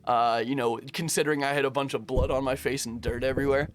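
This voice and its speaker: A young man telling a story casually, slangy and animated, playing out his own past lines. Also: medium pitch, fast talker.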